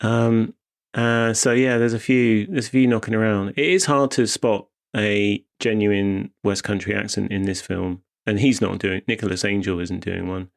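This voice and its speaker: There's vocal fry in this young man's fairly low voice, which keeps a fairly even intonation at a normal speed. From Wiltshire, England, and carrying a mild accent, he co-hosts a podcast and talks casually about films, rambling, interrupting himself, and laughing frequently.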